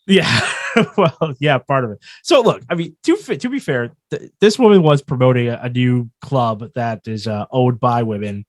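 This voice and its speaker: Male podcast co-host, lively swinging pitch, rambling casual talk, dry close sound. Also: normal speed, no room sound. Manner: animated, rambling, restarts thoughts. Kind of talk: casual chat.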